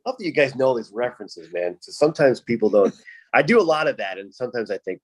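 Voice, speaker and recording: A man's voice: mid-range voice, big pitch swings, fast. A man from Rhode Island hosting a podcast, chatty and laughing often. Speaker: podcast host. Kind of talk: casual chat.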